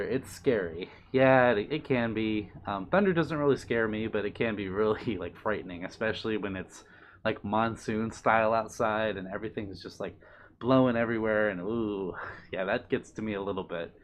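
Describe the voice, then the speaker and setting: A young man on a live stream, reading viewer comments aloud and answering them in a gentle, apologetic way. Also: fairly low pitch, moderate pace, lo-fi sound, slight background noise. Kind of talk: casual live-stream chat.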